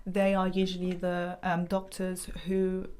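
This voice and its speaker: Young woman, lowish voice, podcast guest, earnest rambling testimony. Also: monotone, measured pace, warm tone. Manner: earnest, rambling storytelling with fillers. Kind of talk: emotional personal testimony.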